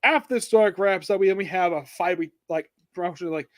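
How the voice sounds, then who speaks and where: A man's voice: high voice, fast talker. A man co-hosting a casual comic book discussion, rambling and hesitant with many restarts. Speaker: podcast co-host.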